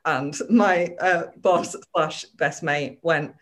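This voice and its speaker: A woman's voice: low voice, slow pace, fairly bright tone. A woman from northern England, a comedian guest on a podcast, telling a rambling, self-mocking anecdote in casual chat.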